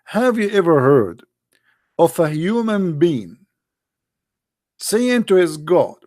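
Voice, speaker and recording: Man, religious commentator, high voice, mocking and emphatic, shaky non-native English grammar. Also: very animated, slow, a little mellow. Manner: mocking, emphatic, rhetorical questions. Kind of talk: argumentative monologue.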